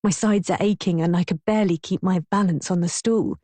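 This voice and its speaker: A woman's voice: fairly low pitch, brisk, dark tone, no echo. Wry woman narrating an audiobook. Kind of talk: first-person audiobook narration.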